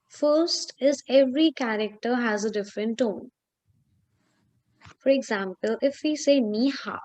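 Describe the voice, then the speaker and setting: Slow-speaking woman tutoring Chinese. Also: fairly high pitch, a little mellow. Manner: slow, explanatory, with pauses and fillers. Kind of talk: online language lesson.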